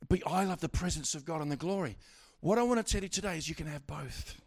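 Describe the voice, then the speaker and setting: A middle-aged man preaching a sermon, swinging from loud exhortation to quiet asides, with stammering restarts. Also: a little high, animated, fast talker, breathy edge.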